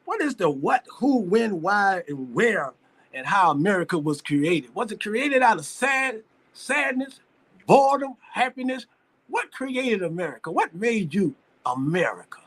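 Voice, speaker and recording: A man's voice: high-pitched, big pitch swings, unhurried, a bit bright. A man hosting a live stream interview over a video call, encouraging his guest and calling him brother. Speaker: interview host.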